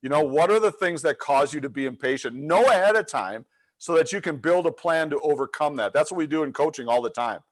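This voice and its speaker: Fairly high in pitch and fairly quick, a middle-aged man, a leadership coach, tells an energetic story in a webinar. He brings it to life by acting out the voices.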